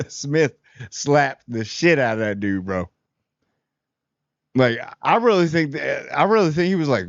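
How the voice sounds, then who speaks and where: A man giving a casual, rambling spoiler review of a TV episode, full of slang and quick acted-out lines for the characters. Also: mid-range voice, lively intonation, no echo, dull audio.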